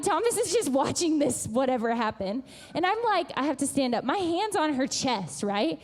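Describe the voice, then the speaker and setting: A woman in her thirties preaching a sermon as pastor, telling stories with lively acted-out voices. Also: sits high, moderate pace, few pauses. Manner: animated storytelling, acts out voices. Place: church sanctuary. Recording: long church hall reverb.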